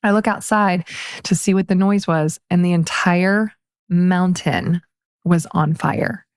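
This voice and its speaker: A woman guest on a podcast, telling a personal story in lively, casual conversation and laughing often. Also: on the low side, slow pace, clean tone.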